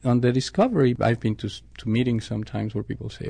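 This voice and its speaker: A male scientist speaks in a gravelly, creaky voice at a middle pitch. He answers interview questions in a reflective way and often stops to restart his sentences. The sound is close and dry. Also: flat delivery, fast talker, hardly any pauses, dark tone, no room sound. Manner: thoughtful, with frequent restarts and self-corrections.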